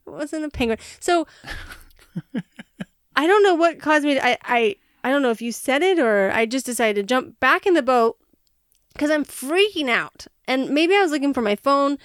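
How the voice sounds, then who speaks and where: A woman co-hosting a podcast, telling a story in animated fashion, laughing and acting out her own panic. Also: high voice, moderate pace, no room sound, studio quality. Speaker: podcast co-host. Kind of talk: casual storytelling chat.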